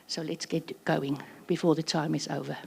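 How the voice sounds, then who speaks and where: A woman's voice: deep voice, flat delivery, vocal fry, darkish tone, breathy edge. Breathless South African woman presenting. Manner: chatty, with quick joking asides. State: slightly out of breath. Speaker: workshop presenter. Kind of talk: conference presentation.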